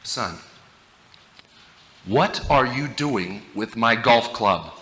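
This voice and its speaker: Man doing a patient father, calm and probing. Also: medium pitch, very slow, roomy sound, heavy background noise.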